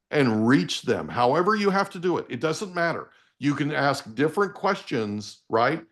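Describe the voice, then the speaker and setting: Speaking with a fairly high, somewhat bright voice, this forties-aged man appears as a live interview guest handing out motivational parenting tips. He's preachy and emphatic, addressing the audience directly with a repeated "okay?"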